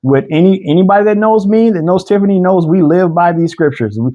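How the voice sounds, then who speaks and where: Lively preachy man, couch chat host. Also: sits high, muffled recording. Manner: animated, preachy, reads scripture slowly.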